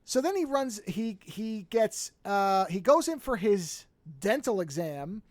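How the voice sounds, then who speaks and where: A podcast co-host rattling through a film plot in casual chat, piling on asides. The pitch sits in the middle, and the recording is close and dry with no room sound. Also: dry recording. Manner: rambling, animated retelling with quick asides.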